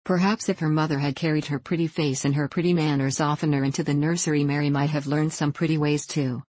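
Figure: genteel lady, pitying, voiced by an audiobook reader. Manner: soft-hearted but judging. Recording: dry. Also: mid-range voice, steady tone, fast, dry recording, natural voice. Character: kindly pitying English lady.

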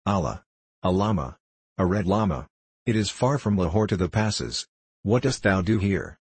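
Guy reading as a blunt old horse trader, low husky voice, barks orders. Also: animated, moderate pace, dry recording, exaggerated voice. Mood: gruff. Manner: blunt, suspicious, commanding. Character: gruff elderly male Afghan horse trader.

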